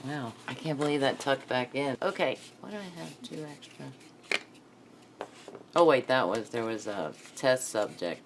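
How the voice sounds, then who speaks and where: Very low-voiced woman, chatty crafter. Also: moderate pace, background noise. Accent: Texan. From North Carolina. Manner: chatty, muttering to herself while working. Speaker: craft vlogger. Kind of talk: casual crafting chat.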